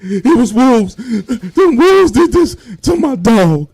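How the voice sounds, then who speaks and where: A man voicing a grief-stricken grown man who shouts through tears over his dead dog. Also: very high-pitched, sing-song, slow, vocal fry, breathy edge, dry recording, voice pushed up, exaggerated voice. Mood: distraught.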